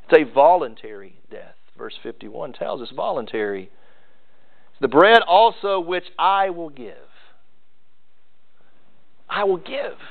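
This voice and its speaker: A man with a high voice preaches a sermon to his congregation, earnest and full of repeated phrases. The sound is thin and narrow, like it is coming through a phone line. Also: big pitch swings, measured pace, creaky. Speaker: pastor.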